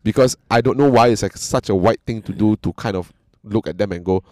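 A man in casual storytelling chat who is animated, swears freely and acts out the people he quotes. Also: lowish voice, a little fast, dry recording.

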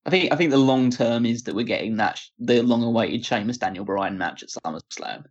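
A man co-hosting a casual chat show, picking his words slowly and often starting over. His voice sits at an ordinary middle pitch. The audio is dull and lo-fi. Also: a little mellow, breathy edge. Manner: hesitant, restarts often, measured opinions. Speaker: podcast co-host. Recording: dull lo-fi sound.

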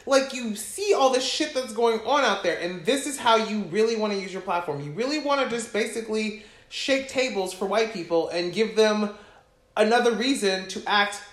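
A man's voice: high-pitched, moderate pace, fairly bright tone. Heated, cursing man in a roomy room. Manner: profane, heated and emphatic. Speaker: podcast co-host. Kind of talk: casual chat, ranting commentary. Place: apartment room. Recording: roomy echo.

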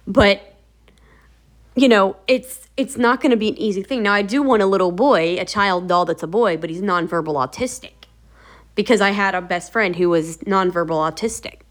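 Her voice sits at a medium pitch and moves at an ordinary pace. As host of a motivational video series, she talks to the camera in a relaxed, upbeat way, spinning lively stories full of filler words.

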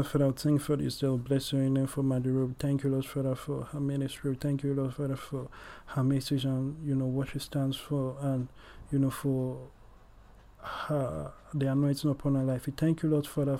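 A man's voice: mid-range voice, mellow. A man hosting a faith-based music review, leading an earnest spoken prayer and calling out "Lord Father" again and again. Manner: earnest, repetitive praying with many "Lord Father" addresses.

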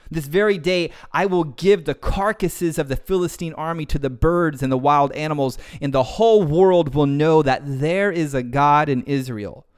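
A man's voice: fairly high pitch, normal speed, hardly any pauses, clear, resonant tone, close to an everyday voice. A man playing a bold young shepherd hero. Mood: defiant. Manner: slangy, casual modern phrasing.

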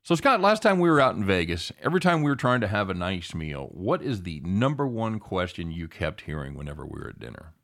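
A middle-aged man hosting a sports talk show, excitable and chatty, often calling his co-host by name. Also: sits low, a little fast, gravelly, few pauses.

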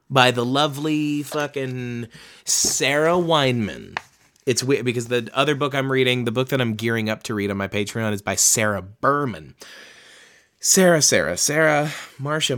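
A man's voice: medium pitch, sharp tone. A young man hosting a book-reading show, chatting in a loose, rambling, profane and self-mocking way. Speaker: podcast host reading books aloud. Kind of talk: casual rambling chat.

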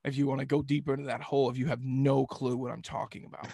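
A man's voice: medium pitch, flat delivery, fast talker, creaky, mellow, breathy edge, no room sound. A young man co-hosting a casual sports talk show, joking and slipping into silly impressions.

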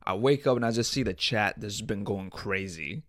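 A man's voice: on the low side, normal speed, fairly bright tone, no room sound, studio quality. A young man hosting a casual solo podcast, telling stories in profane slang and laughing often. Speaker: podcast host.

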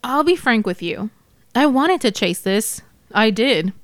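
A woman's voice: fairly high pitch, expressive, unhurried, dry recording, clean studio sound. A woman reading as a cynical male ambulance-chasing lawyer, in a wry, hard-boiled first-person storybook narration. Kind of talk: audiobook narration.

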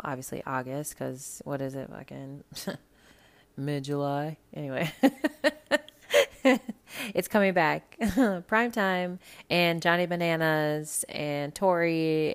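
A woman from the American Midwest hosting a podcast, chatting casually about pop culture with lots of swearing and sudden loud rants. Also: sits low, gravelly, clear, resonant tone. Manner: profane, animated, swings to loud rants. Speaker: podcast host.

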